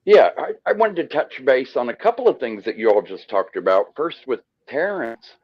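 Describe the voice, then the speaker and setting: A man's voice: medium pitch, sing-song, moderate pace, slightly rough, muffled recording. A man from Indiana calling in to a podcast, polite and friendly though a little hesitant. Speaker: caller. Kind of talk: call-in discussion.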